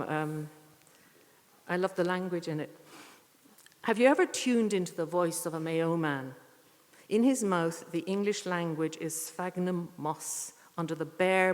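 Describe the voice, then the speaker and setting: Middle-aged woman, lowish voice, reads poems at a tribute evening, church reverb. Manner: measured, deliberate reading with rambling asides. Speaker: poet reading at a tribute evening. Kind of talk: poetry reading with chatty introductions.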